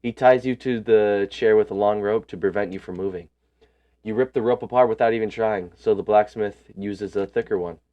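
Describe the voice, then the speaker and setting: A man's voice: on the low side, steady tone, moderate pace, mellow, dull audio. A man reading a story game's text aloud, breaking in with casual slangy asides.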